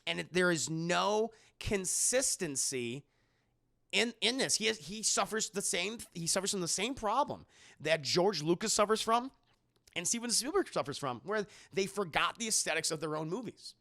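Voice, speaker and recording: A man's voice: sits high, expressive, moderate pace, gravelly, pushed and bright. A young man talking loosely through a film review for his live chat, rambling and swearing, and sometimes mocking lines from the film in put-on voices. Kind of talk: casual spoken film review.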